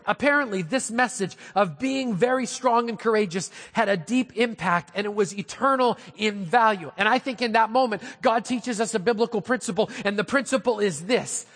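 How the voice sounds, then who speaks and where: A male pastor preaching a sermon with animated, humorous storytelling, recorded in a church hall with long reverb. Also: sits high, normal speed, few pauses.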